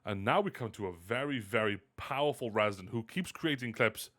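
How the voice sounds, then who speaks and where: A man hosting a casual live stream, animated and self-mocking, often laughing. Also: mid-range voice, fairly quick. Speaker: host.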